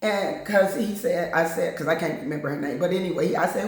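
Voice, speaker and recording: A woman's voice: lowish voice, fairly quick. A woman host telling a personal story in a candid, blunt, casual way, acting out what other people said. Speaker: channel host. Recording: very echoey room.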